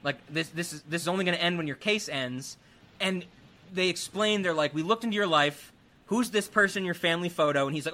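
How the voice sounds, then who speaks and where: Podcast host, male, chatty film recapper who acts out the lines; bright, pushy voice. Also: sits high, brisk. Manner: animated, acts out characters' lines. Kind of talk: casual film recap chat.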